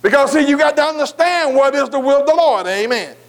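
High-voiced preacher man reading scripture. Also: lively intonation. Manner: call-and-response, repeats phrases, asks the congregation questions; slow, drawn-out reading of scripture. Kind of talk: sermon.

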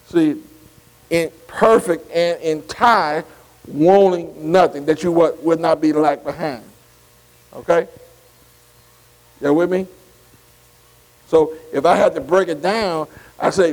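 A high-pitched man leads a Bible study class. He spells out Greek words letter by letter and keeps checking that the group is with him, with "see" dropped between phrases. His voice rings out with a long, lingering reverb. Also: measured pace, pauses often, a little mellow. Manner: keeps asking the class to follow along.

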